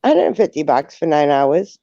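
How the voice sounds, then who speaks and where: A woman chatting casually on a livestream, telling stories in an animated way and laughing along as she goes. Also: low-pitched, normal speed, vocal fry, slight background noise. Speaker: livestream guest. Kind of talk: casual chat, storytelling. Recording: dull lo-fi stream audio.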